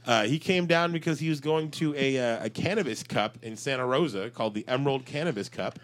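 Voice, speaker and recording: A man's voice: medium pitch, lively intonation, brisk. A man co-hosting a podcast, telling stories in rambling casual chat, full of fillers and swearing. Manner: rambling storyteller, swears freely, many fillers. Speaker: podcast co-host.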